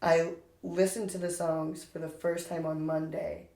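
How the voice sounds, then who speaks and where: A woman with a fairly low voice hosts a podcast in relaxed, casual chat. She laughs often and trails off with fillers. Her voice carries a noticeable room echo. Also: measured pace. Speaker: podcast host. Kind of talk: casual conversation. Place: indoor room, recorded locally. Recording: roomy echo.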